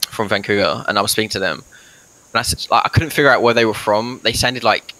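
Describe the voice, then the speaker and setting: Low bright-toned man playing a tabletop game. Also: fast talker, no room sound, rough recording. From England. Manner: casual, rambling, laughing at himself. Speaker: player. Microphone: headset or desk mic on a voice call.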